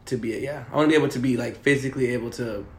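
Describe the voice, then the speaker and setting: A man's voice: medium pitch, steady tone, very fast, slight background noise. A young man co-hosting a podcast, laid-back and teasing, laughing often in casual chat. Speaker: podcast co-host. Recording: echoey room.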